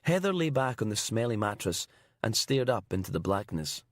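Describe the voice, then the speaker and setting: A man narrating a crime thriller audiobook in a measured, grim storytelling manner. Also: on the low side, very animated, no room sound, studio quality. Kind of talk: scripted narration.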